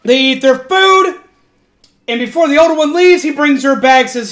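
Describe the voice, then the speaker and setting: A woman streamer casually retelling an anime plot, animated and full of profanity. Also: high-pitched, moderate pace.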